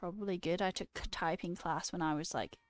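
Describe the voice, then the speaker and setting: A woman's voice: on the low side, fairly even intonation, fairly quick, no room sound. A woman streamer chatting casually with her viewers while coding, self-mocking and swearing freely.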